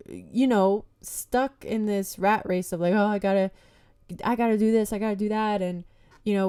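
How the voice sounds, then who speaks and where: Young woman podcast host, mellow and dry, swears freely, talks straight to listeners. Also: medium pitch, no room sound. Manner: candid, heavy swearing, frequent "like" and "you know"; encouraging, addresses listeners as "guys". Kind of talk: casual solo podcast talk.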